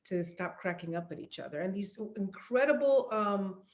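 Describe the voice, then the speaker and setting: A woman's voice: medium pitch, expressive, moderate pace. Middle-aged woman, interview guest, hesitant fillers, easy laughter, casual chat. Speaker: actress being interviewed.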